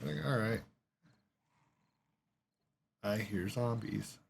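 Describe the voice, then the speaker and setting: A man's voice: on the low side, fairly even intonation, takes it slowly, vocal fry, a little hiss or hum. Rambling, swearing man telling a story. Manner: rambling, swears a lot, acts out quotes. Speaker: gaming streamer. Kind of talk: casual storytelling while playing a game.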